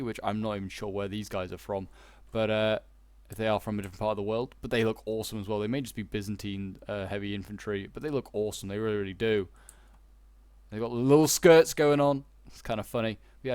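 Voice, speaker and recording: Young Yorkshire man, casual game commentary, hesitant and rambling, crisp close-mic sound, dead dry room. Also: on the low side, darkish tone, dry recording. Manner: rambling, hesitant, many fillers and restarts. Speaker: gaming YouTuber.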